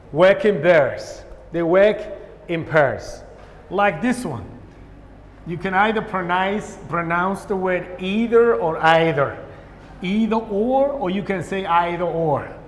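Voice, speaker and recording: Slow, high-voiced Somali-accented teacher in an echoey room. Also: male voice, a little hiss or hum. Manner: asks questions and answers them himself, repeats words. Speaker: English teacher. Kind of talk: classroom grammar lesson. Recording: echoey room with long reverb.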